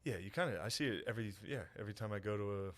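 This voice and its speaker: A man's voice: on the low side, rapid-fire, fairly bright tone. A man co-hosting a podcast in casual chat, rambling and swearing. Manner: rambling, swearing, bursts into silly put-on voices. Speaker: podcast co-host.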